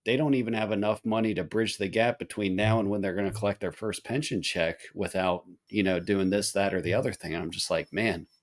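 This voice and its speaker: Podcast host, male firefighter, low voice, earnest, keeps restarting sentences. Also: steady tone, a little fast, few pauses. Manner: earnest, rambling, with frequent restarts. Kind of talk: casual podcast conversation.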